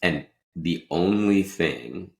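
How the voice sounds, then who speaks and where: A man's voice: low voice, expressive, takes it slowly. A man hosting a podcast, telling a personal story in a rambling, casual way, often breaking off mid-sentence and laughing. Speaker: podcast host.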